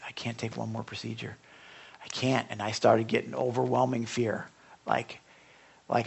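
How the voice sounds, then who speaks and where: A middle-aged man preaching to a small group, telling a personal story with sudden hushed whispers. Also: on the high side, fairly quick, vocal fry. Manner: animated storyteller, drops to hushed whispers for inner thoughts. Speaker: pastor.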